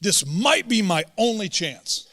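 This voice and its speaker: A pastor preaches in a church auditorium, his high, animated voice pushed and bright at a measured pace, ringing with long hall reverb. He's earnest and emphatic, often repeating words to press his point.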